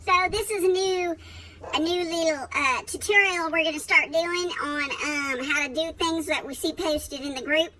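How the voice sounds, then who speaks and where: A woman's voice: very high voice, moderate pace, sharp tone, slight background noise. A Texan woman hosting a casual screen-share tutorial, folksy and chatty, laughing easily as she walks through each step. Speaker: host giving a software tutorial.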